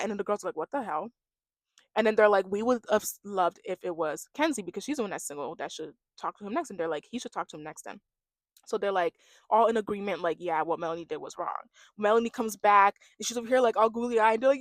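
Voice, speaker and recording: A woman giving a gossipy, animated recap of a reality dating show, imitating the cast as she goes. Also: mid-range voice, a little fast, no echo. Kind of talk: casual reaction commentary.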